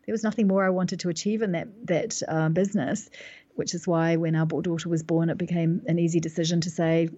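Low-pitched kiwi woman telling her career story, lots of ums, dull dry sound. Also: level tone, fairly quick, warm tone, dry recording. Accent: New Zealand. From New Zealand. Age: 40s. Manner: reflective, self-assured, with frequent fillers and restarts. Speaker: guest, business consultant. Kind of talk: interview storytelling.

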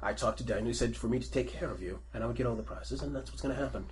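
A man's voice: medium pitch, rapid-fire, slight background noise, natural voice. A man voicing a treacherous male rival captain in a tabletop game, stammering and wheedling as he talks. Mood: smug.

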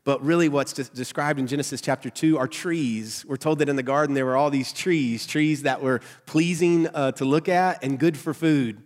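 Nasal Southern pastor in a reverberant hall. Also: male voice, medium pitch, normal speed, few pauses. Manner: conversational, animated preaching with audience asides. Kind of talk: sermon. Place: church sanctuary.

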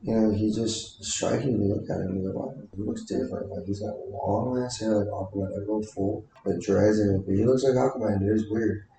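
A man's voice: fairly low pitch, steady tone, normal speed, hardly any pauses, dark tone, heavy reverb, slight background noise, rough recording. A man talking in a rambling, casual way, full of fillers and restarts. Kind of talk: casual conversation.

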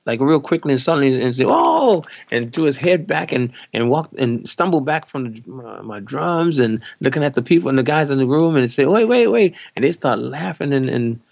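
Man in his 60s, a drummer, animated storyteller; gravelly voice, dry close recording. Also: mid-range voice, fairly quick, hardly any pauses, no echo. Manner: animated, acts out quoted voices. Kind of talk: anecdotal storytelling.

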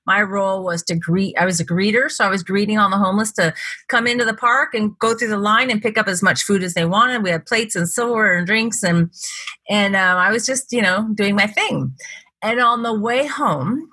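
A middle-aged woman, a motivational speaker giving an interview, telling stories in a conversational way and acting out the lines she quotes in a higher voice. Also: normal speed, pushed and bright, breathy edge, dry recording. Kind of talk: conversational storytelling. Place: Las Vegas.

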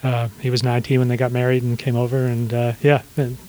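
A man in his sixties chats loosely as a podcast guest, circling back with "uh" and "um" and restarting his sentences as he tells stories. His voice sits at an ordinary middle pitch. The delivery is unhurried and conversational. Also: rough recording. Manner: relaxed, rambling with many fillers and restarts. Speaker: guest, small business owner. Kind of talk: casual storytelling interview.

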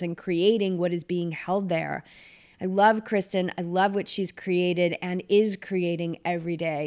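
Woman podcast host, fairly low voice, enthusiastic and upbeat. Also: darkish tone, clean tone. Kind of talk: casual interview and scripted intro.

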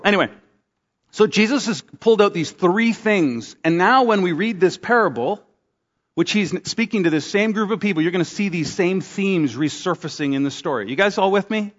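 Animated pastor in a reverberant hall. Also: male voice, normal speed. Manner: animated storytelling, acts out quotes with big pitch jumps. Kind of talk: sermon. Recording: dull sound with long hall reverb.

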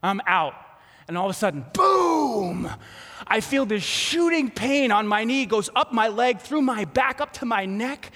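A man preaching a sermon as pastor, telling a story with lively acted-out quotes. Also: sits high, a little slow, big-room sound.

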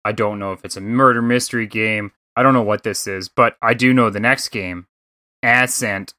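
A man with a Canadian accent hosting a casual gaming chat, rambling, swearing freely and thinking out loud. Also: on the low side, steady tone, brisk, no room sound, clean studio sound. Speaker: podcast host.

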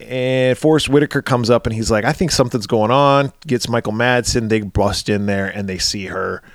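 At a normal speed, a male podcast co-host with a mid-range voice recounts stories during casual chat, bringing quotes to life animatedly. Recording is studio quality, free of room sound.

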